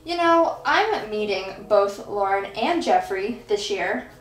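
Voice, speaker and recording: A woman's voice: medium pitch, animated, takes it slowly. A young woman vlogger chatting casually while she paints, rambling and giggly, filling her talk with "like". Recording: echoey room with soft background music.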